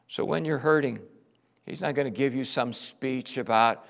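A middle-aged male pastor preaching with passion, swinging between loud exclamations and hushed, tender passages. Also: mid-range voice, normal speed, vocal fry. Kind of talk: sermon.

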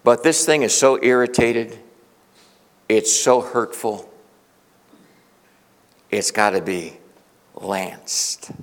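A male pastor preaching a sermon, swinging from loud, emphatic peaks to hushed asides. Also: mid-range voice, takes it slowly, long pauses. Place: church sanctuary. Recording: reverberant church hall.

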